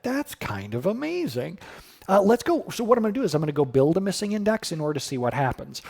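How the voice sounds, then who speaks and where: A man's voice: medium pitch, darkish tone. A middle-aged man live coding on a stream, thinking aloud casually with sudden surprised exclamations and answering chat questions.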